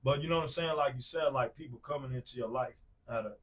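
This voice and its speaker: Brief: man, forties, from Wisconsin, podcast guest storytelling, loose slang, mid pitch, recorded a bit off-mic. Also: fast talker. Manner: loose, slangy, many fillers and repeated "bro". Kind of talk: casual storytelling chat. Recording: distant mic.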